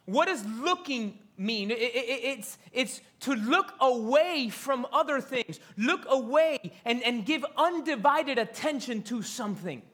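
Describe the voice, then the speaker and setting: Male pastor, very high bright voice, fervent, repetitive preaching. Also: lively intonation, unhurried, few pauses. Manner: fervent, repetitive, shifting to whispers for emphasis. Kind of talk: sermon.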